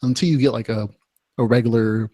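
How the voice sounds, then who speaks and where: A man's voice: mid-range voice, fairly even intonation, brisk, warm tone, no room sound, clean studio sound. A man hosting a podcast interview, talking casually and a little hesitantly. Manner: hesitant, casual, with fillers and restarts. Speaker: podcast host.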